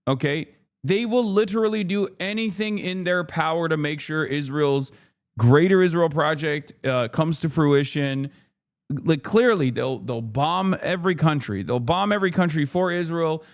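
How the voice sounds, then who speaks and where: A man ranting in livestream commentary, exasperated and profane, repeating himself for emphasis. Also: on the high side. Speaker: streamer reacting to news.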